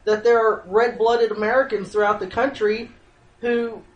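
A man's voice: high voice, flat delivery, normal speed, echoey room, lo-fi sound. A man in casual political chat, speaking bluntly and with strong opinions.

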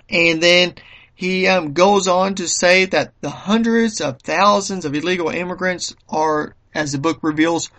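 A commentator speaks alone in a monologue, reading passages from an article and adding commentary. The delivery is slow and deliberate, and the voice sits in a middle pitch. The speaker often stops on fillers and restarts sentences. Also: fairly bright tone. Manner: slow and halting, with many "um"s and restarts. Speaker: political commentator.

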